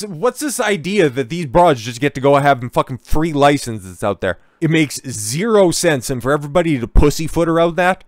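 A man's voice: a little high, no echo, clean studio sound. A man giving heated, profane reaction commentary on a video clip. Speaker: online commentator.

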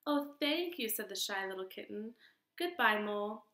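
A woman voicing a shy little female kitten from a children's storybook, in a soft, lifted voice. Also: mid-range voice, animated, moderate pace, roomy sound. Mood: grateful.

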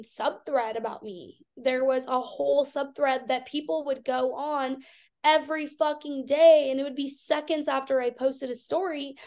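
Young woman guest, high voice, blunt and profane, animated storyteller. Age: 20s. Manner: blunt, swears freely, animated retelling. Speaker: guest, fitness athlete. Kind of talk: candid interview talk.

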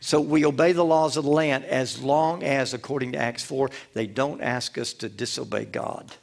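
A man preaching from the pulpit with a gravelly, fry-edged voice at an ordinary middle pitch. He builds his points through repetition and rhetorical questions, pressing each line home. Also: fairly even intonation, moderate pace. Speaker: pastor. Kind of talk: sermon.

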